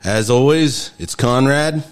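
A man hosting a casual podcast from a garage, easygoing and quick to laugh, with lots of fillers. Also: mid-range voice. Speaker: podcast host. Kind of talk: casual chat.

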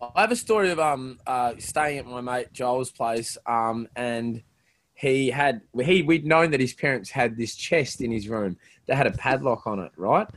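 A man's voice: mid-range voice, a little slow. A young Australian man telling crude stories in a casual podcast chat, swearing often and laughing as he goes. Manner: crude, laughing, animated storyteller. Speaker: podcast guest.

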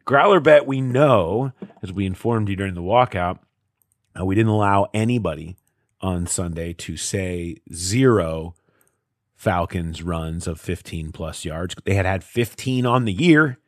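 A man's voice: low voice, unhurried, no echo, clean studio sound. A man, a sports reporter co-hosting a podcast, telling stories casually with lots of fillers and laughs. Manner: chatty storyteller, lots of fillers, laughs at his own stories.

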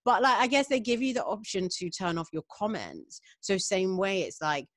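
A young woman co-hosting a podcast, chatting casually with quick, opinionated remarks full of "like". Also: medium pitch, sing-song, fairly bright tone. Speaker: podcast co-host. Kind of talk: casual chat.

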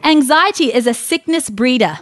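Animated woman co-host, emphatic and bright. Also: sits high, moderate pace. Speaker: podcast co-host. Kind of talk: casual faith talk.

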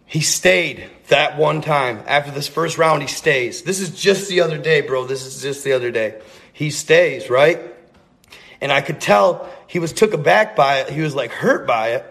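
A man's voice: on the high side, creaky, a bit bright. A man telling a rambling, profane story in a casual, earnest way, full of slang and repeats. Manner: earnest, intense.

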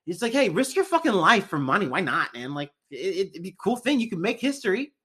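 A man's voice: high voice, sing-song, fast, sharp tone, slightly rough. A man co-hosting a casual podcast, riffing animatedly with jokes and frequent swearing. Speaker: podcast co-host. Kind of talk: casual chat.

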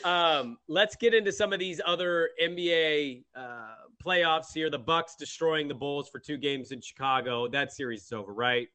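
A man hosting a casual sports betting chat, teasing his co-host in emphatic, quick bursts. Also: on the high side, sharp tone, no echo. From Portland, Oregon.

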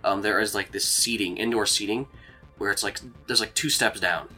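A man's voice: on the low side, normal speed, faint music behind. A man narrating as game master, rambling with lots of fillers. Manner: rambling, filler-heavy, relaxed.

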